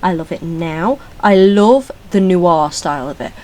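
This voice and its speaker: A young British woman hosting a casual ranking video, talking in a scattered, swearing, laughing way and now and then breaking into squeaky voice stims. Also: unhurried, darkish tone, low-quality recording. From Britain. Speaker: video host. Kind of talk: casual solo ranking chat.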